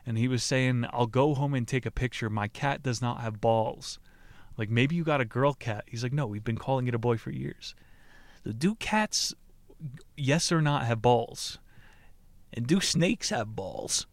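A man hosts a podcast, reading book passages aloud in a deadpan voice of ordinary pitch. Between passages he drops into casual, profane commentary and laughs at the material. The recording is dry and close, with no room sound. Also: a little slow, no echo. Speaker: podcast host.

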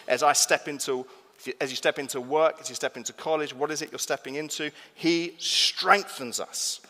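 A man's voice: mid-range voice, moderate pace, sharp tone. A man preaching a sermon as pastor, emphatic and asking the congregation questions. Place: church. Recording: long reverb of a church hall.

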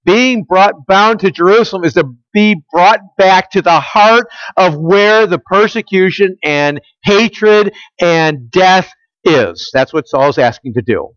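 Speaking slowly in a high, animated, somewhat bright voice, a male pastor preaches a sermon. He keeps quizzing the audience and answering his own questions. The sound is dry, dull and lo-fi, with no echo.

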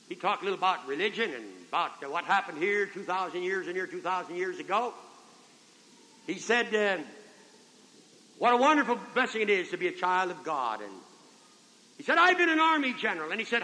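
A man's voice: high voice, sharp tone. An older man preaching a revival sermon, telling a folksy story and calling out amen and brethren, in a 1970s convention hall recording.

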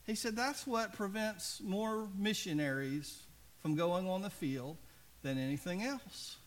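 A man preaching a sermon as pastor, conversational and earnest, often dropping soft and low for emphasis. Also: a little slow.

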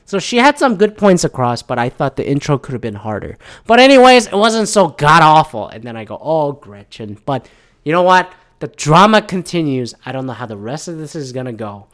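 A man's voice: fairly high pitch, big pitch swings, brisk, fairly bright tone. Profane rambling man ranting. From Michigan. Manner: profane, rambling, sarcastic, mocking voices of others. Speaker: podcast host. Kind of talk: casual political rant.

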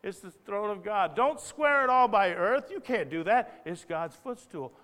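A man preaching a live sermon as pastor, talking conversationally and then building to loud, emphatic, impassioned bursts. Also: high-pitched, expressive, unhurried. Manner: conversational asides, stops himself to rephrase. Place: church hall. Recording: live church recording with long reverb.

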